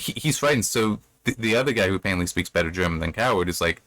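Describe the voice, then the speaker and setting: Reviewing a book chapter on his channel, a man retells the plot casually and tangentially, peppering it with playful mock voices. He talks quickly with few pauses in a low-pitched, expressive, fairly bright voice, and there's no echo.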